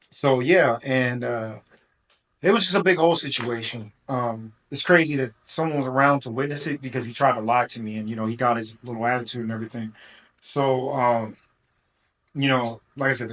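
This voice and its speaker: A man's voice: medium pitch, fairly bright tone, poor audio. A man who runs a car rental business, telling a long story in a casual, rambling way, full of fillers and quoted back-and-forth.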